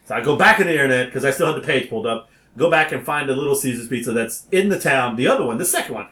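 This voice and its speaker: Animated man telling a story, roomy sound. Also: mid-range voice, racing. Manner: acts out phone calls, rising to shouting.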